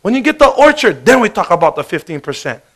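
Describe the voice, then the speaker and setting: A man giving an energetic, joking motivational sales talk. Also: sits high, fast. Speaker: business presenter.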